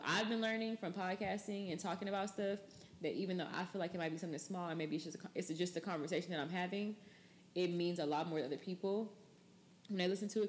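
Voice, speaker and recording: Young woman podcast host, casual, filler-heavy, lower register. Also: slight background noise. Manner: loose, chatty, many fillers. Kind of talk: casual chat.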